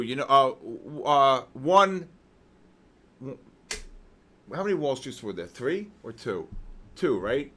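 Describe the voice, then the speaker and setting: A man hosting a live trading session, excitedly shouting out viewers' names with heavy market jargon, then dropping to weary muttering over questions. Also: measured pace, long pauses. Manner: drops to low, weary muttering while reading questions. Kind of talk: live trading-stream commentary.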